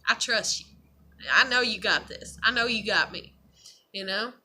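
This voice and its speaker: A woman's voice: medium pitch, moderate pace, pushed and bright, slightly rough. A young woman talking candidly to the camera in a rambling personal vlog, swearing freely. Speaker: vlogger. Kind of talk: casual personal vlog monologue.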